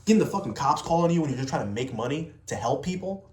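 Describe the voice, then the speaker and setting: A young man, a vlogger and salesman, rants bluntly to camera off the cuff, swearing heavily and hitting his words hard. His voice is fairly high and sing-song with a darkish tone, moving at a quick pace in a reverberant space.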